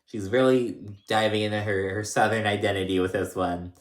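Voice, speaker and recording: A man's voice: lowish voice, fairly even intonation, fairly quick, echoey room. A man casually recapping a reality TV episode, rambling with lots of fillers and restarts. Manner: rambling, filler-heavy storytelling.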